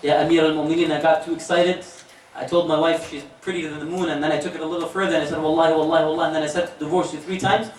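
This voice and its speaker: A man playing a flustered, overeager young bridegroom who makes a rushed confession. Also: a little high, little pitch movement, pitched below the performer's own voice, close to an everyday voice. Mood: sheepish. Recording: echoey hall, distant mic, faint noise.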